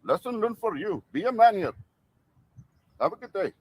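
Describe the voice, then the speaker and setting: A man's voice: sits high, big pitch swings, normal speed, slightly rough, no echo, exaggerated voice. A man putting on a fake Indian-style accent, playing a confrontational self-styled rights auditor who lectures and keeps repeating "my friend". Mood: scolding. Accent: put-on fake Indian-style accent. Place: outdoors by a church.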